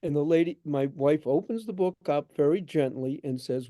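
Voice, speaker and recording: Speaking at a moderate pace with hardly any pauses, this man has a fairly high voice and no echo around him. He is a bookshop owner giving a storytelling talk as a guest in an event hall, performing the characters in his trade anecdotes with lively energy.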